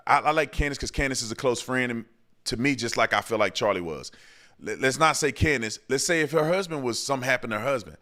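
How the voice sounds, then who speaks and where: A man's voice: medium pitch, pushed and bright. A man hosting his own show, answering viewer questions and ranting heatedly, often restarting his sentences. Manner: heated, ranting, repeats himself. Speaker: show host. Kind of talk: commentary and viewer Q&A.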